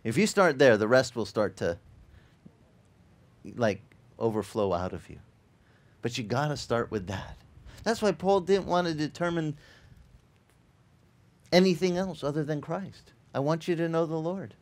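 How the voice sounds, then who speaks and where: A middle-aged man preaching a casual sermon as pastor, telling stories with lively, acted-out quotes and frequent repeated words. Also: mid-range voice, measured pace, long pauses. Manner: animated, acts out quoted voices, repeats words. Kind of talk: conversational sermon with storytelling. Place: church in Hawaii.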